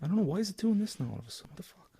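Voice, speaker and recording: A man's voice: high voice, big pitch swings, very fast, dark tone, slightly rough. A man with an Irish accent hosting a casual internet radio show, giggly and swearing freely. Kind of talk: casual chat.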